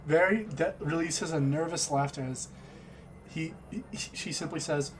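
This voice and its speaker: A man's voice: a little high, normal speed, slight background noise. A man narrating as game master in a loose, rambling, self-correcting way.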